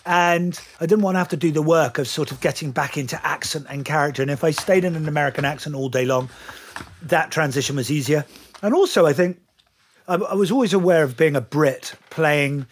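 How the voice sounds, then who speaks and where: A middle-aged English actor telling animated stories and laughing easily over a relaxed lunch interview. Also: male voice, fairly high pitch, brisk, a little hiss or hum. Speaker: guest actor.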